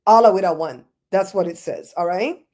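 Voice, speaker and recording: A Belizean woman hosting a livestream, chatting in a rambling, animated way and answering viewers' comments. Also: on the low side, moderate pace. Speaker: show host. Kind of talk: casual livestream chat, reading comments.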